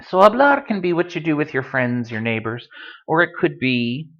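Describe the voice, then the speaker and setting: A man teaching a recorded language lesson into a computer, relaxed and chatty with dry joking asides. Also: on the high side, unhurried, dull audio. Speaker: Spanish teacher. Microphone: computer microphone.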